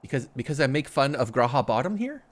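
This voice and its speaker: Male game streamer, teasing and laughing, tired voice, very lively intonation. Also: medium pitch, fast talker. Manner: playful, teasing, laughing often. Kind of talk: casual game stream chat.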